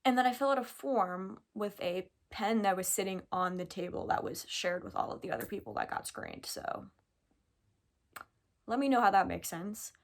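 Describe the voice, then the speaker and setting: In an easygoing, unscripted vlog, a young woman from the US relives a personal story to camera, chatting animatedly and dropping casual fillers. Her medium-pitched voice is creaky and moves at normal speed.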